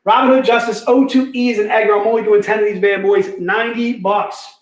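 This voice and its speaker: A man hosting a live comic book sale, pitching deals in energetic, repetitive, joking hype talk. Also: a little fast. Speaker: host selling comic books. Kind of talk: live online sales pitch. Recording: echoey room.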